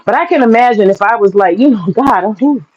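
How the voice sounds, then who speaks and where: A woman's voice: a little high, expressive, brisk, a little mellow, husky, dull audio. A woman talking frankly and casually to camera, swearing freely and laughing often. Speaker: vlogger. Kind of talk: casual opinion monologue.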